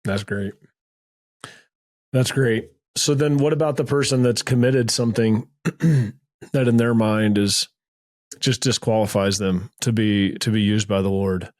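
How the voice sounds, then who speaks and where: A male podcast host with a lowish voice, recorded close and dry with no room sound. He asks his questions thoughtfully and pauses to find the right words. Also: fairly even intonation, a little mellow, no room sound. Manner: thoughtful, searching for words while asking. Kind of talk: interview questions.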